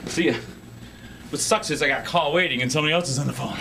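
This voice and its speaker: Here the store owner's voice is fast, gravelly and bright, fairly high in pitch with a forceful edge and a little hiss or hum. Worn out and breathless, he still jokes playfully and rambles through casual banter and phone calls on his local TV show, filmed in his music store.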